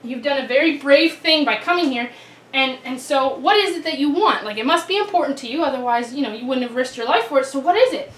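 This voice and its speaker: A woman plays a relaxed, good-natured king in a children's Bible story, chatting in a high voice. The sound is roomy and heard from a distance, with faint background ambience. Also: quick pace. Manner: casual, chatty storyteller phrasing. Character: ancient male king, easygoing, grateful.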